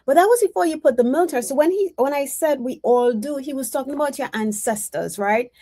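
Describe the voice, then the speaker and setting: A woman's voice: high-pitched, quick pace, dark tone. A woman psychic reader giving a casual mediumship reading, rambling and chatty with many restarts.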